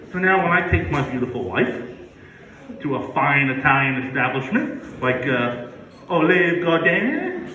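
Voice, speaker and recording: A man doing a stand-up comedy set at a campground, playfully spelling words out loud for laughs. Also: fairly high pitch, animated, moderate pace, a little hiss or hum. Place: outdoor campground stage. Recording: echoey, distant, muffled live recording.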